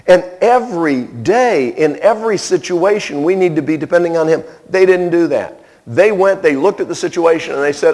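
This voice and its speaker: A man's voice: a little high, lively intonation, normal speed, darkish tone. A man preaching a sermon, telling a story with animation and acting out the people in it.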